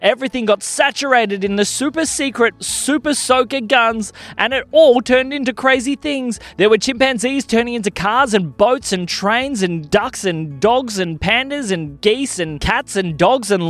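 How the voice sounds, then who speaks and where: A man narrating a children's story in a lively, playful way. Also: very high-pitched, normal speed, hardly any pauses, faint music behind. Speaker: podcast storyteller.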